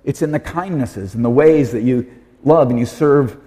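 Mellow-voiced pastor preaching in a church. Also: male voice, medium pitch, in a large hall. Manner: earnest, measured preaching with emphatic pauses. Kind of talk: sermon. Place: church sanctuary.

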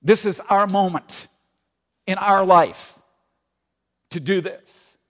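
A man's voice: sits high, slow pace, in a large hall. A man preaching a sermon, repeating key phrases with emphatic weight. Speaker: pastor.

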